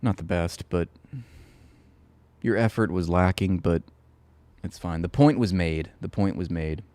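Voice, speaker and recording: A man with a fairly low voice hosts a live reaction stream. He rambles in a sarcastic, profane way. The sound is dry and close, with no room echo. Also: a little slow, darkish tone.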